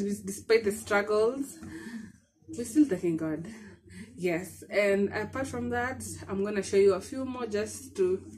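A woman's voice: mid-range voice, darkish tone. A woman with a Kenyan accent vlogging casually to camera from her bedroom, short of breath, chatty, often laughing and dropping Swahili words into her talk. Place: bedroom at home.

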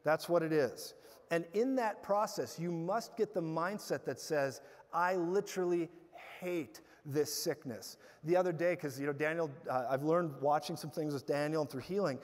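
A man preaching a sermon, telling stories in an animated way with bursts of loud laughter. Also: on the high side, moderate pace. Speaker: guest preacher. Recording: hall reverb.

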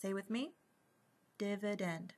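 A woman teaching a recorded math lesson, patiently checking in with frequent "okay?" and slowing down to stress key terms. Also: medium pitch, a little mellow.

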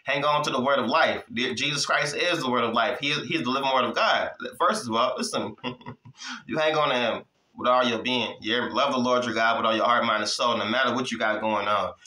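Bright-voiced casual male preacher. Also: medium pitch, fairly quick, roomy sound, low-quality recording. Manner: street-casual, repeats lines and checks in with "hmm?"; laughs often between points. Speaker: Bible teacher. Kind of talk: informal preaching.

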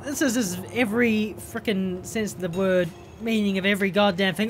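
Speaking at normal speed with few pauses, a mid-range voice delivers live gameplay commentary over a slight hiss or hum. It's a let's play gamer swearing through a horror game, exasperated and profane, shouting at it in bursts.

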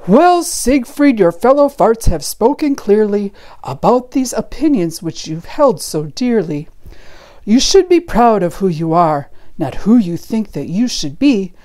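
A woman voicing a kindly old fart who leads the board in a storybook, giving gentle advice. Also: on the low side, very animated, a little slow.

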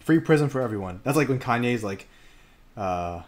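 A man's voice: mid-range voice, normal speed. Jokey guy hosting a card break, voice bouncing all over, laughs a lot. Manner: joking, animated, laughs often. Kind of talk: casual livestream commentary.

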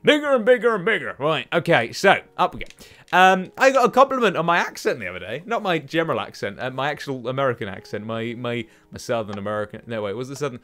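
A man's voice: mid-range voice, expressive, quick pace, a bit bright. A young man hosting a let's play from home, rambling to himself and taunting enemies as he plays. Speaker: gaming channel host. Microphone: desk microphone.

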